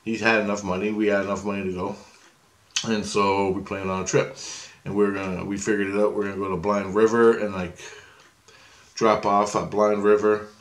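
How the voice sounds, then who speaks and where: A man's voice: lowish voice, flat delivery, normal speed. A middle-aged man telling a personal story in a loose, rambling, chatty way, with slang and swearing. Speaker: storyteller recounting a past experience.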